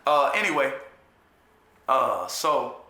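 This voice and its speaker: A man speaking slowly at a medium pitch tells a personal story about his jail time in an echoey room. His casual, animated retelling includes restarts, repetitions, profane street slang, and frequent asks of "you know what I'm saying."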